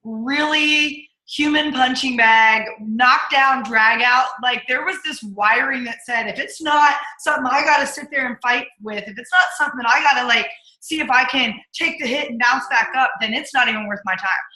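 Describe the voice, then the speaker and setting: Bright, punchy woman telling stories. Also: high voice, moderate pace, few pauses, roomy sound, low-quality recording. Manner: energetic, punchy, acts out her inner voice. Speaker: podcast guest, accountability coach. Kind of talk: candid interview storytelling.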